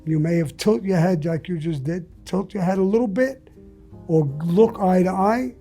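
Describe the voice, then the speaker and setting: Husky, blunt-talking man telling stories. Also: sits high, normal speed, faint music behind. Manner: blunt, profane, animated retelling of conversations. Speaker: interview guest. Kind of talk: casual storytelling.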